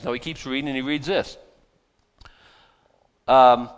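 A man preaching in a casual Bible-teaching style. He is animated and joking, throwing out rhetorical questions and wry asides. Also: on the high side, normal speed.

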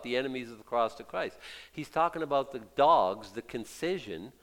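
A middle-aged male pastor preaching a sermon, animated and emphatic, dropping to hushed asides and rising to loud bursts. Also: mid-range voice, moderate pace.

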